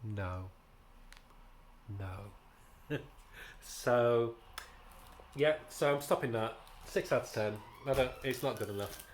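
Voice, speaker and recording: A man's voice: medium pitch, unhurried, pauses often, a little hiss or hum. A man with a British accent chatting casually about comics in a review vlog, rambling with frequent ums and restarts.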